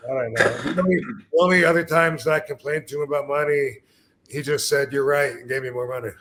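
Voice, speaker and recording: A man hosting a podcast, talking in a relaxed, rambling way about his wrestling days. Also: mid-range voice, a little fast, a little hiss or hum. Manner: relaxed, rambling, many fillers. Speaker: podcast host, former wrestler. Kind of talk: casual chat.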